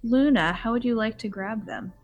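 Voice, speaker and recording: A woman narrating a tabletop role-playing game as game master, relaxed with frequent filler pauses. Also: fairly high pitch, phone-quality sound. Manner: relaxed, many ums.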